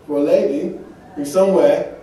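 This sermon comes from an English man who tells personal anecdotes in a chatty, self-deprecating way. His mellow voice leans high and keeps a moderate pace. Recorded from afar in an echoey church hall, the audio carries slight background noise.

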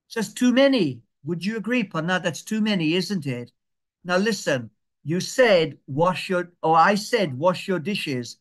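A man giving a patient, step-by-step digital skills lesson over a video call, repeating steps slowly and checking that people can follow. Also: sits high, lively intonation.

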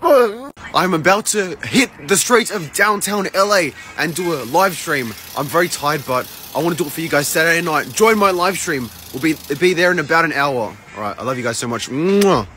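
A man's voice: a little high, animated, normal speed, sharp tone, slight background noise. A young Australian man vlogging casually to camera, rambling and frank, with lots of fillers and restarts. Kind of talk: casual vlog talk to camera.

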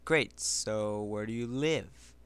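A man voicing a sharp-tongued schoolgirl who is suspicious but friendly, talking in a brisk, skeptical way. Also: fairly low pitch, smooth.

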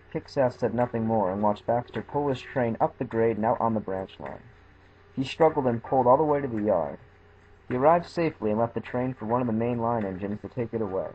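A man narrating a scripted children's train story in a steady storybook reading. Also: mid-range voice, normal speed, highs cut off, slight background noise.

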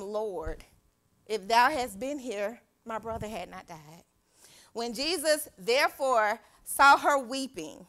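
A woman youth pastor, preaching a sermon in a church, reading scripture and calling out to the congregation. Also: fairly high pitch. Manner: animated preaching with call-and-response. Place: church sanctuary.

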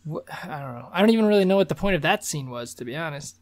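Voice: medium pitch, animated, very fast, a little mellow, dry recording. A podcast co-host chatting casually, hesitant and given to restarts. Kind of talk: casual chat.

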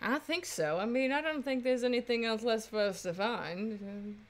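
A woman's voice: fairly high pitch, moderate pace. A woman streaming a story game, chatting casually with playful, laughing asides.

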